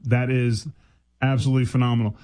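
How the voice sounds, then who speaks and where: A man hosting an interview, asking quick, jokey follow-up questions in a casual chat. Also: mid-range voice, little pitch movement, warm tone. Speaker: interview host.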